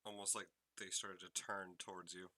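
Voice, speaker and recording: Bright-voiced man narrating as game master. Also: deep voice, little pitch movement. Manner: slow, measured scene-setting narration.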